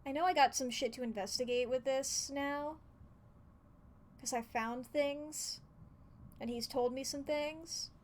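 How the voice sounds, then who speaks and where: A woman streamer chatting casually while she plays, excitable, laughing often and swearing freely. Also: sits high, unhurried, pauses often, a little hiss or hum. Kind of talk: casual gaming commentary.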